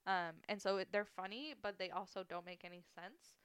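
A woman's voice: mid-range voice, steady tone, a little fast, a bit bright, clean tone, no echo. A woman hosting a casual podcast chat, reading kids' jokes aloud and giggling often. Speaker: podcast host.

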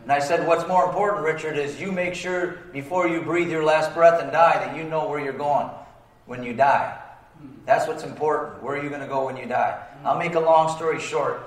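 Preaching pastor, roomy and distant. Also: male voice, a little high, a little fast. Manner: call-and-response, asking for amens; plain colloquial speech. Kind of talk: sermon. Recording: roomy sound, distant from the mic.

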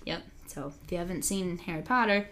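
A young woman with a fairly low voice reads a news article aloud in a relaxed, chatty way. She breaks off now and then for jokey asides and giggles. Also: a little fast, a little hiss or hum. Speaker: podcast co-host reading an article aloud. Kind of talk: casual chat reading a news story.

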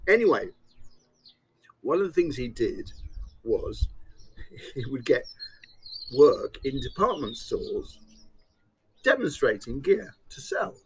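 A man's voice: medium pitch, big pitch swings, takes it slowly, pauses often, a little hiss or hum, poor audio. A man interviewed in a casual chat, telling a rambling anecdote and chuckling often.

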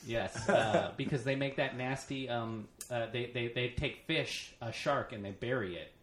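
A man's voice: mid-range voice, unhurried, roomy sound, a crowd in the background. A man hosting a podcast, telling rambling stories full of fillers in casual chat. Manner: rambling, laughing storytelling with many fillers. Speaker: podcast host.

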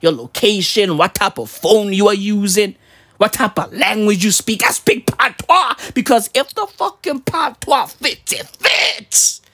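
A man with a fairly high, husky voice that leaps all over the place as he rants. He rambles in profane slang sprinkled with mock patois, and the sound is close and dry. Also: animated, measured pace, no room sound. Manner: rambling, slang-heavy, swings between shouting and muttering. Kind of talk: casual profane rant.

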